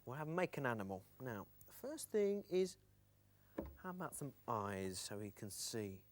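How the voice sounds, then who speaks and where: A man's voice: medium pitch, very animated, a little slow, slight background noise. A man presenting a children's TV show, playful and patient.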